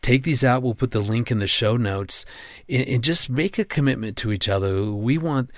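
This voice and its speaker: A man co-hosting a marriage podcast with his wife, speaking in an encouraging way and joking gently. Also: medium pitch, moderate pace, no room sound. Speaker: podcast co-host. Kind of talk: casual married-couple podcast chat.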